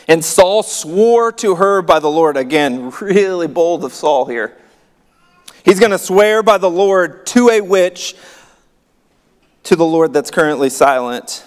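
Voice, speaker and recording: A man preaches a sermon, reading scripture and stopping for chatty, wry remarks. His voice sits a little high for a man. It rings out with the long echo of a large hall. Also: expressive, normal speed, clean tone. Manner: conversational, wry asides, reads verses aloud. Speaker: pastor.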